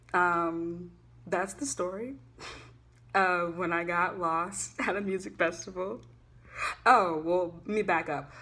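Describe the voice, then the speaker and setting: A young woman telling a casual storytime vlog, chatty and animated, full of "like" fillers, swinging between loud and hushed. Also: mid-range voice. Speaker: student vlogger.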